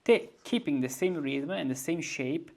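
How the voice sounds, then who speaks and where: A man's voice: on the high side, moderate pace. A male music teacher giving an informal composition lesson, thinking aloud and humming melodies on nonsense syllables.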